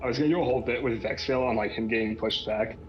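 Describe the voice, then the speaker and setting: A man playing a tabletop game, chatting casually and pitching comic bits. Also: rapid-fire, dull audio, a loud crowd. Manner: animated, keeps pitching bits. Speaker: player.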